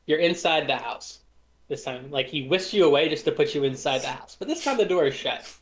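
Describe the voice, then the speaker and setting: A man narrating as game master in a tabletop game, describing scenes with frequent pauses and fillers. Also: a little high, expressive. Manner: descriptive, hesitant with many fillers.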